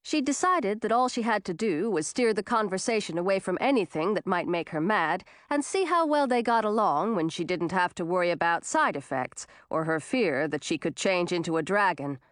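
Audiobook: expressive woman narrator, lively pitch, dry booth sound. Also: moderate pace, hardly any pauses, no room sound. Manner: expressive storytelling.

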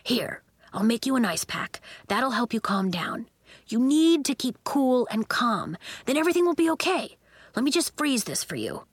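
A woman's voice: a little high, sing-song, moderate pace, slightly rough, no echo, voice pushed up. A woman doing an eager, fussing young boy. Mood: reassuring. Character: earnest helpful schoolboy, eager to fix things.

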